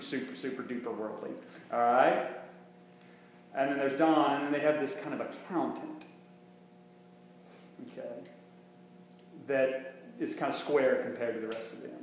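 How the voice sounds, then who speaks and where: A male minister preaching a conversational sermon, full of restarts and rhetorical questions. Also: mid-range voice. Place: church sanctuary. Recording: very echoey church room with faint hum.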